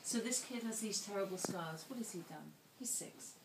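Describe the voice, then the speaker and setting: A woman's voice: mid-range voice, animated, moderate pace, noisy background. Woman, emotional storyteller, roomy reverb, faint ambience. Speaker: invited speaker. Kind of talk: personal testimony talk. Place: indoor dinner hall. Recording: roomy sound from a distant mic with faint ambience.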